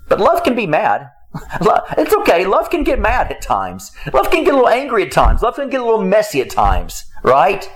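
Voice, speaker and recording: Male marriage teacher, faith-based talk, a bit high-voiced, emphatic and repetitive. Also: wildly swooping pitch, normal speed, low-quality recording. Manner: emphatic, repeats phrases, swings pitch up and down.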